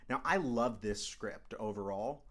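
Guy with a lowish voice going over a screenplay, lots of ums and restarts, like a lesson. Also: expressive, a little slow. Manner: thinking aloud, stop-start with fillers. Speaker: screenwriting teacher. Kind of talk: script analysis lecture.

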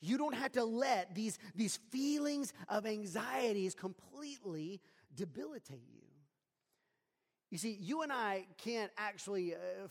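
Earnest man preaching in a reverberant hall. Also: high-pitched. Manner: earnest, conversational preaching with many restarts. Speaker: pastor. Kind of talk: sermon.

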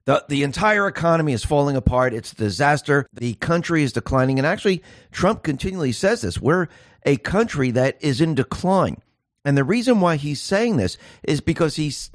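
A man's voice: fairly high pitch, big pitch swings, moderate pace, no room sound, studio quality. A man hosting a political commentary monologue. He speaks emphatically, fires off rhetorical questions and acts out the voices of ordinary people.

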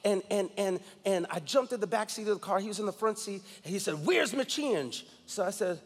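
A man's voice: high-pitched, fast talker, in a large hall. A man in his forties from New York, a guest pastor preaching a sermon with emphatic personal storytelling. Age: 40s.

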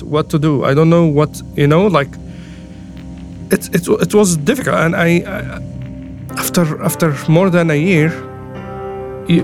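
A man speaking English, telling of his detention in halting speech full of repeated words and fillers. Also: a little high. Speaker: interviewee, former detainee. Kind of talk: personal testimony. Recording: faint music underneath.

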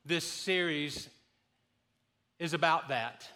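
Man in his sixties, pastor, sermon, high voice, unhurried delivery. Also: pushed and bright. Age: 60s. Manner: earnest, slow and deliberate, with fillers and restarts.

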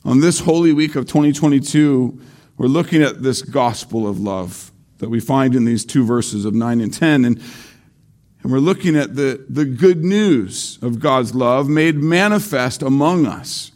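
A man preaching a sermon slowly and deliberately, repeating key phrases for emphasis. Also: mid-range voice, darkish tone. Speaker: pastor.

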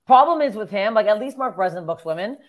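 Fast-talking, profane woman comedian. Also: medium pitch, animated. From Canada. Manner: blunt, profane storytelling. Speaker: stand-up comedian, podcast guest. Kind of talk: casual podcast chat.

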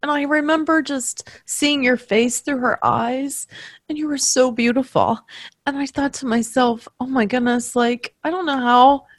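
A woman working as a medium, tenderly recounting a reading to the person she read for, emotional and halting. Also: sits high, fairly even intonation, dry recording, clean studio sound.

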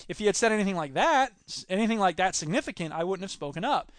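A man hosts a solo podcast, reading news stories and breaking off into sarcastic, rambling asides. His voice sits high for a man. The recording is dry and close, with no room sound. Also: animated, fast, hardly any pauses, a bit bright, clear, resonant tone, dry recording. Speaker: podcast host.

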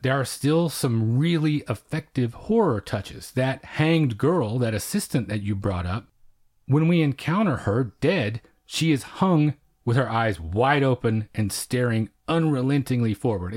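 A man's voice: medium pitch, lively intonation, measured pace, a little mellow. A man co-hosting a podcast, chatting casually and wryly about horror films. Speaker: podcast co-host. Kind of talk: casual film review chat.

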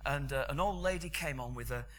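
A man's voice: mid-range voice, fairly quick, fairly bright tone, a little hiss or hum. A middle-aged British man giving a sermon in a conversational, storytelling way. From Britain. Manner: conversational storytelling, chuckling asides. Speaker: preacher.

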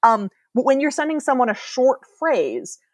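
A woman's voice: high-pitched, big pitch swings, normal speed, no echo. Woman, casual podcast chat, eager explainer, laughs a lot, dry close sound. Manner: enthusiastic, explanatory, laughs often. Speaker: podcast guest, linguist.

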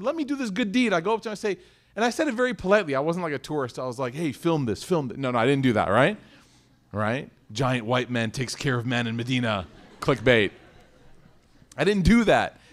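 Animated man giving a sermon. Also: a little high, quick pace. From United States. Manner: animated, conversational, rhetorical questions. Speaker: Islamic teacher. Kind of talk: sermon lecture with personal story.

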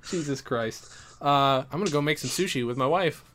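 A man's voice: a little high, lively intonation, a little slow, a bit bright. A man co-hosting a comedy podcast, bantering casually, joking and laughing often with rambling asides. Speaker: podcast co-host.

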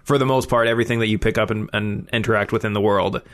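A man's voice: fairly low pitch, steady tone, fast, fairly bright tone. A man co-hosting a podcast, a streamer who explains things at length in easygoing casual chat.

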